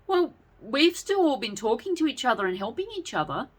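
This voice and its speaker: A woman voicing a hyperactive young boy knight in a read-aloud story, talking in an excited, bouncy way. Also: a little high, a little fast, pitched above the performer's own voice. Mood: earnest.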